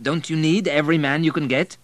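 Impulsive, eager male hotelier, high and raised, a man voicing him in an audiobook. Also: fairly quick, no echo, lightly acted. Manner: excited, raised, high-pitched.

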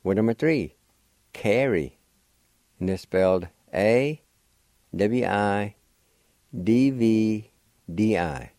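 A man hosting a radio language lesson, slowly spelling out words letter by letter and repeating them patiently. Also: on the low side, animated, a little mellow, no room sound. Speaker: language teacher and radio host. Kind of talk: slow word-by-word language lesson. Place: radio studio.

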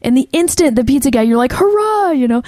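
Podcast co-host, female, mellow and chatty, dry close sound. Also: on the high side, fast, no echo. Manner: chatty, frequent fillers and restarts. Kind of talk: casual chat.

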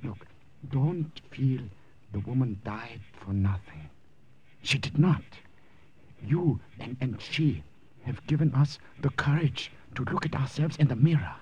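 An actor playing a timid clerk who speaks earnestly and haltingly in a 1940s-style radio drama, on a muffled old recording. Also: male voice, mid-range voice, lively intonation, dark tone, a little hiss or hum, natural voice. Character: timid middle-aged male clerk turning brave. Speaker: administration clerk.

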